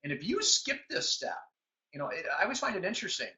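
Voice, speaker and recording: Animated man coaching, bright voice. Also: sits high, fast talker. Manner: animated storyteller acting out conversations. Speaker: business trainer. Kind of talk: motivational training talk. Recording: dull lo-fi sound.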